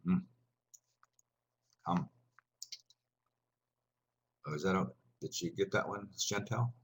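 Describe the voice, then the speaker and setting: Male language teacher, deep and heavily husky voice, patient and repetitive classroom delivery. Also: takes it slowly. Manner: rambling, patient, repeats words for students. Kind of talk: classroom lesson explanation.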